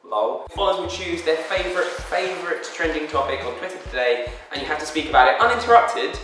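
A man's voice: a little high, expressive, quick pace, music in the background. Teasing young man hosting a vlog challenge. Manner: teasing, laughs often. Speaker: host. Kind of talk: casual vlog challenge chat. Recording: echoey room, voice from a distance.

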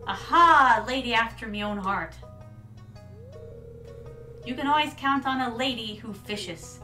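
A woman's voice: fairly high pitch, animated, a little slow, sharp tone, recorded from a distance, soft background music. A woman voicing a friendly older male fisherman in a game, with folksy old-sailor talk.

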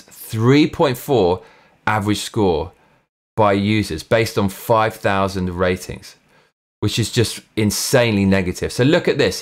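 A man hosting his own show, giving a blunt, profane, sarcastic rant. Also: on the low side. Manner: mock Russian accent when reading reviews aloud. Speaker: host. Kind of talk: ranting commentary.

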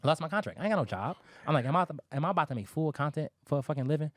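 A man in his thirties recounting his own story at a quick clip, candid and emphatic, with plenty of swearing. His voice sits at an ordinary pitch and sounds close and dry, with no room around it. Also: animated, no room sound. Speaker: guest telling his life story. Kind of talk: casual storytelling interview.

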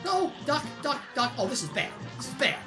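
A woman hosting a gaming channel, giving excitable, exclaiming let's-play commentary as she plays. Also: sits high, fairly quick. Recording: game music under voice.

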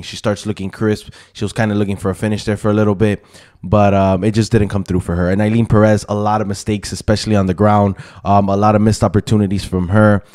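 A man's voice: lowish voice, darkish tone. A man giving a casual, opinionated breakdown of fight results, chatty with frequent ums and asides. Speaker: MMA YouTuber.

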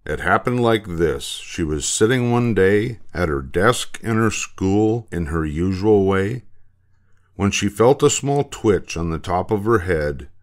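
An older man reads a rhyming children's picture book aloud, slow and deliberate. His voice sits fairly low and his tone rises and falls broadly as he tells the story. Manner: expressive, unhurried. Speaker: storybook reader.

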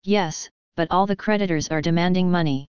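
A woman's voice: lowish voice, a little fast, clear, resonant tone, no echo, close to an everyday voice. A woman reading a gloomy henpecked king. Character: weary henpecked comic king, ready to quit. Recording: dry, slightly dull lo-fi.

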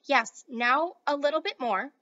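A woman's voice: high-pitched, unhurried, highs cut off, voice pushed up. A woman voicing an earnest young boy. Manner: hushed, earnest. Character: eager, polite young boy. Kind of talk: storybook read-aloud.

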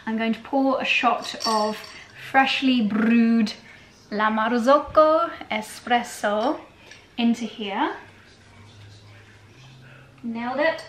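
A woman's voice: a little high, takes it slowly, long pauses. A young British woman vlogging in her home kitchen, chatty and giggly, playful with made-up words. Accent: British English. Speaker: lifestyle vlogger. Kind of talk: casual kitchen vlog chat. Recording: roomy kitchen echo, faint background noise.

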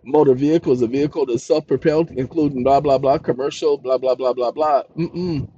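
A man hosting his own channel, reading legal definitions aloud and breaking off to shout insults at an AI assistant in a ranting commentary. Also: medium pitch, steady tone, brisk, husky, highs cut off. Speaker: channel host.

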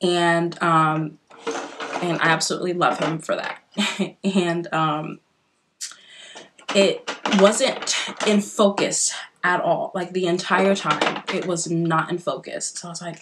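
A woman's voice: fairly low pitch, slow, noisy background. Chatty woman in a casual vlog. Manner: chatty and expressive, addresses viewers as y'all. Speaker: beauty vlogger. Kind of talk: casual get-ready-with-me chat.

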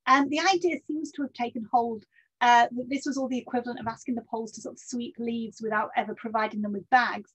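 A woman gives a public history talk in a higher, slightly husky voice, keeping a steady, measured pace. She uses many ums and drops the occasional dry aside, and the audio sounds dull and lo-fi.

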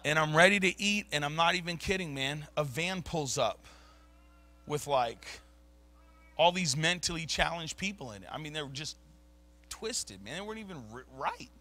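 A man preaching a sermon, telling stories in casual slang and swinging from low mutters to loud bursts. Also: animated, moderate pace. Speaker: pastor. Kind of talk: sermon storytelling. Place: church sanctuary.

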